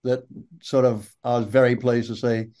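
An older man with a broad Australian accent, telling relaxed, rambling anecdotes with dry humour as an interview guest. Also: medium pitch, normal speed. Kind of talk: casual interview storytelling.

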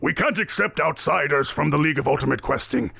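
A man's voice: fairly high pitch, fast, creaky, bright, forceful tone, husky, dry recording, voice pushed up, heavily acted. A man voicing a guarded, scarred bearded smuggler who presses insistent questions in a tabletop game. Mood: defensive.

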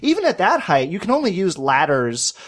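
A man hosting a casual podcast chat, explaining history and reading from an old magazine article, chatty and quick to laugh. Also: high-pitched, huge pitch swings, fairly bright tone. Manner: chatty, storytelling, laughs easily. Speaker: podcast host.

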